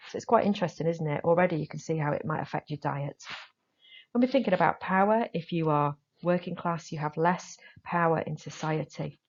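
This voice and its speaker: A woman drama teacher explaining a lesson to her students, stressing the key points with lively emphasis. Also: low-pitched, muffled recording. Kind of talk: recorded classroom lesson.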